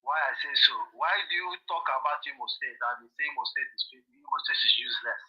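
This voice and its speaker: A man phones in to confront the host. His voice is husky, and the line is muffled. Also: mid-range voice, quick pace. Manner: complaining, confrontational. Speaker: caller. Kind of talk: call-in comment.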